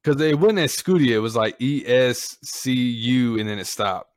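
A man hosting a podcast, telling a story in casual chat with lots of cursing and animated delivery. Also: medium pitch, moderate pace, no room sound, studio quality. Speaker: podcast host.

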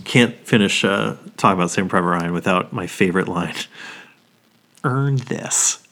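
A man in his thirties with a low voice talks casually as a podcast co-host. He drops swear words all the time and gets openly emotional over favorite movies. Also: quick pace, a bit bright, a little hiss or hum. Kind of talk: casual chat.

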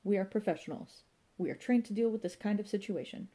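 A woman's voice: medium pitch, quick pace, mellow, pitched above the performer's own voice, natural voice. A woman voicing a clipped, commanding police inspector. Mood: formal. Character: brisk officious male police inspector.

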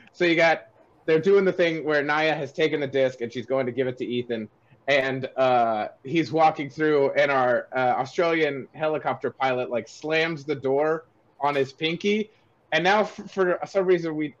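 A man's voice: fairly high pitch, highs cut off. A man hosting a podcast, retelling movie scenes in a rambling, filler-heavy way. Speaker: podcast host. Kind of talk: casual movie review chat.

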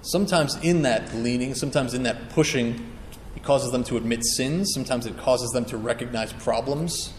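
A man's voice: medium pitch, moderate pace, slight background noise. A man preaching a sermon, earnest and emphatic, acting out quotes as he teaches. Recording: echoey hall with long reverb.

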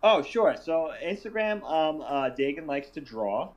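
A man in his forties, a podcast guest, talking in an animated, enthusiastic casual chat. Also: a little high, a little slow, dull audio.

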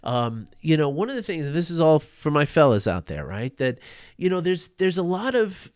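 A man's voice: fairly high pitch, big pitch swings, moderate pace, darkish tone, smooth, no echo, clean studio sound. A man hosting a podcast from his desk, talking earnestly and informally, often restarting and repeating words as he goes. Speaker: podcast host. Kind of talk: casual solo talk on men's mental health. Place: home desk.

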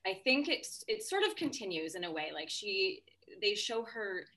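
A woman's voice: medium pitch, sing-song, moderate pace, pushed and bright. A woman in casual discussion on a podcast, talking in a chatty way with many fillers and restarts.

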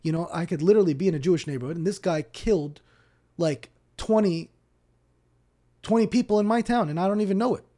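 Mellow, higher-voiced Palestinian-born imam. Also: male voice, fast talker. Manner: animated storyteller who acts out dialogue; repeats words as he restarts. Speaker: imam and podcast guest. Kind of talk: casual storytelling interview.

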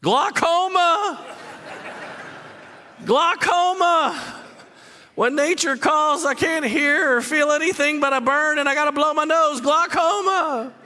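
A man's voice: takes it slowly, pushed and bright, big-room sound, full character voice. A preacher putting on a whiny complaining man. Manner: high, whining, exaggerated complaint. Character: whiny man declaring petty ailments.

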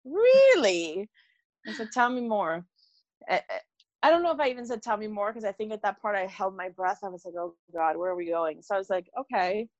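A woman's voice: mid-range voice, fast talker. A middle-aged woman, a former teacher, chatting as a podcast guest. She brings her stories to life, putting on the voices of the people in them. Her voice sounds dry and close, with no room echo. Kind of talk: conversational storytelling.

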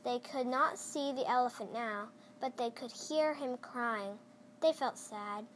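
A child reading a picture book aloud, slowly and with small stumbles and restarts. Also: medium pitch, fairly bright tone, a little hiss or hum. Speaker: storyteller.

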